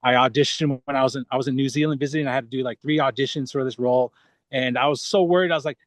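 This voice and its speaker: A man talks in a relaxed, rambling way as an interview guest, often restarting his sentences. The sound is dry and close, with no room echo. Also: medium pitch, racing. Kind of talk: casual interview chat.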